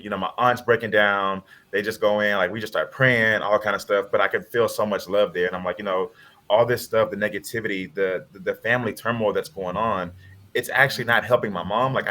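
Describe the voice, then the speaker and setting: A man with a low voice tells a personal story on a video-call panel. His tone is bright and forceful. He speaks earnestly and with feeling, often acting out what others said. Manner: earnest, heartfelt retelling with quoted dialogue.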